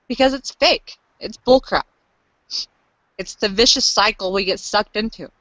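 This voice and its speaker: A woman in her thirties gives earnest, emotional testimony about her lived experience as a panelist on a call, breaking into bursts of pep talk. Her mid-range voice has a sharp tone, and the recording is muffled with no echo.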